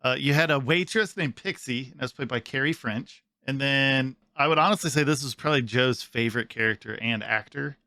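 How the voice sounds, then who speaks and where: A man with a bright, forceful voice chats about a movie and lists who played which part. He is recorded close and dry, with no room sound. His tone is informative and conversational. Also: mid-range voice, brisk, hardly any pauses, no echo. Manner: informative, listing cast details. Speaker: podcast co-host. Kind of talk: casual chat about a film.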